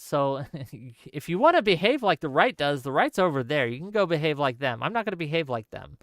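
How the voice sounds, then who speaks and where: A man's voice: a little high, very animated, a little fast, no echo, studio quality. A man hosting a livestream political commentary show, ranting sarcastically and exasperated at his viewers and reading their chat. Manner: talks straight to viewers, reads chat.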